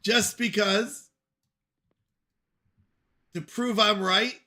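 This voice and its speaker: A man's voice: sits high, fairly even intonation, extremely slow, bright, forceful tone. A man from the United States streaming a game, chatting casually and rambling as he answers viewers' questions aloud. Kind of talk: casual gaming livestream chat.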